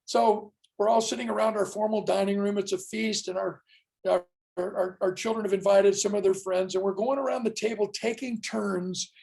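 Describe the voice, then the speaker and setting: Gravelly older man giving a motivational keynote. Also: high-pitched, steady tone, moderate pace, darkish tone, poor audio. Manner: dramatic storytelling with punchy, emphatic lines. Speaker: professional keynote speaker. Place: event stage.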